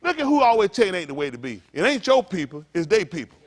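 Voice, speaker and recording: In a high, very animated voice, a fast-talking male pastor preaches with street-style fire. He hurls crude, direct rhetorical questions at his church and tosses in jokes along the way.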